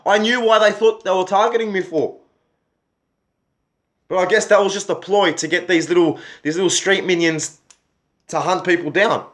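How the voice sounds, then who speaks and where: A man's voice: sits high, steady tone, normal speed, pauses often, fairly bright tone. An Australian man telling his own story in a vlog, agitated, swearing heavily and firing off rhetorical questions. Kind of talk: angry personal storytelling.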